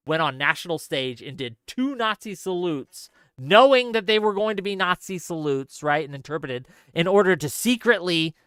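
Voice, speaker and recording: Sarcastic ranting man, bright and clear. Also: fairly high pitch, dry recording, studio quality. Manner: talks straight to viewers, reads chat. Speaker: political commentary show host. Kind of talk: livestream political commentary.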